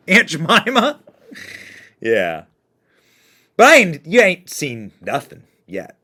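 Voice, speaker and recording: Animated mocking male commentator. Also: mid-range voice, unhurried. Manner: mocking, animated, laughs often. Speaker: political commentary host. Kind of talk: reaction commentary on clips.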